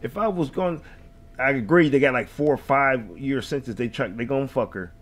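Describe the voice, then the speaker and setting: A man's voice: medium pitch, moderate pace, fairly bright tone. A man hosting a reaction video, ranting in heated, profane, rambling casual commentary.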